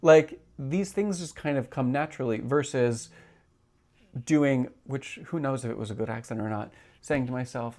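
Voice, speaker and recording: A man's voice: mid-range voice, moderate pace, darkish tone. A man in his thirties hosting a solo podcast, talking in a chatty, rambling way with many filler words. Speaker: podcast host.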